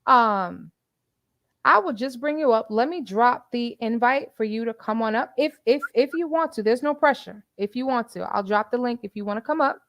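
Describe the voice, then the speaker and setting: A woman's voice: on the high side, lively intonation, moderate pace, a bit bright, dry recording. A woman hosting a casual livestream, chatty and preachy, quoting scripture and repeating phrases with many fillers. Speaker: livestream commentary host.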